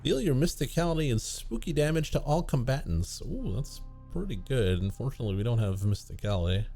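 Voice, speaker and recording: A man's voice: mid-range voice, animated, fairly quick, warm tone, faint music behind. Man reading game text with wry asides. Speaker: let's play streamer. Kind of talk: casual game commentary, reading game text aloud.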